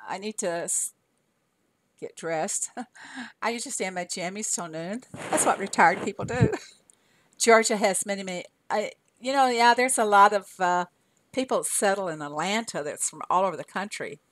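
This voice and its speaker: A woman's voice: medium pitch, moderate pace, fairly bright tone, dry recording. An older woman with a Southern US accent chatting casually on a live stream, laughing often and answering her chat aloud. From Southern US, Arkansas. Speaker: game streamer.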